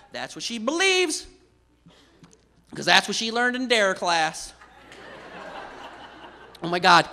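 Brief: young male comedian on stage, high bright voice, chatty delivery that ramps up into shouts. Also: a little hiss or hum. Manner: loose, conversational, building to shouts. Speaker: stand-up comedian. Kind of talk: stand-up comedy routine. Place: theater stage before a live audience.

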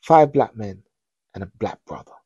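A man's voice: on the low side, animated, moderate pace, dark tone, slightly rough, dry recording, muffled recording. A middle-aged man hosting a talk show, giving earnest spoken commentary with repeated, preacher-like appeals.

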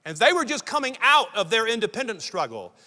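A man with a high, ringing voice preaches emphatically, restarting phrases as he builds his point. His sermon carries the long reverb of a large church hall. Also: big pitch swings, a little fast, pushed and bright. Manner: emphatic preaching, repeats words when starting sentences. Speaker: pastor.

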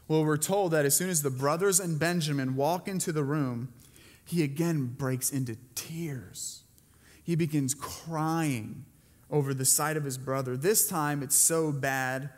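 A man's voice: on the high side, long reverb tail. A male pastor giving a sermon, retelling a Bible story in a conversational way and putting questions to the congregation. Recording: preached to a church congregation.

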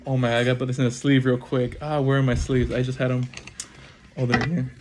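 A man giving casual unboxing commentary as he opens trading card packs, reading off cards one by one and breaking into excited exclamations and quick apologies. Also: medium pitch, background noise. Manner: names cards one after another, bursts into excited exclamations, apologizes often. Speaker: trading card pack opener.

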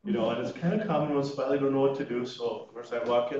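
A man who is a chaplain and funeral planning consultant, telling stories to a class in an animated, informal way and laughing at his own stories. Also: medium pitch, quick pace, a little hiss or hum. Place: church meeting room. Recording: echoey room, mic at a distance, dull sound.

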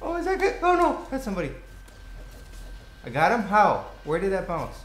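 Excitable young man yelling at a game. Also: high voice, normal speed. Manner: excitable, swears, yells at the game. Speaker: gaming commentator. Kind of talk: live gameplay commentary. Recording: echoey room with faint noise.

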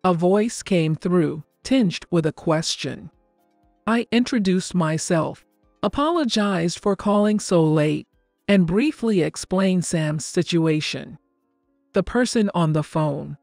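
An older woman narrating a first-person family story in a calm, even, scripted storytelling delivery. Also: lowish voice, slow, gravelly, dry recording, clean studio sound. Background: faint background music.

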